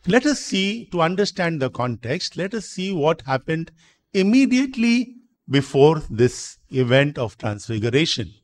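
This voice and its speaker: A man preaching a sermon in a church, explaining slowly, repeating himself and asking rhetorical questions. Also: on the high side, very animated. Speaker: priest.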